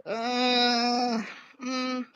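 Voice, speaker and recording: Slow-talking man with a dry sound. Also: extremely high pitch, completely flat delivery, a bit bright, clean tone, no room sound, highs cut off. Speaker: guest wrestler.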